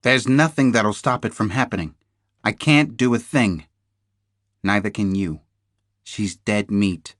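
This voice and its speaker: A male narrator voicing an icy, heavy-set kidnappers' contact man, speaking in a cold, flat, threatening way. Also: lowish voice, measured pace, pauses often, no room sound, studio quality.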